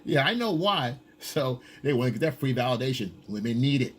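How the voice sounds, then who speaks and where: A man's voice: medium pitch, very animated, fairly quick, fairly bright tone, slight background noise. A man giving blunt, profane, lecturing dating advice in a casual coaching monologue.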